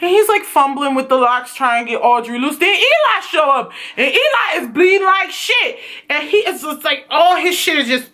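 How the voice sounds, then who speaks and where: A woman reviewing a TV series in a casual, animated recap, swearing freely and telling it dramatically. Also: high voice, normal speed. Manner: excitable, profane, dramatic storytelling.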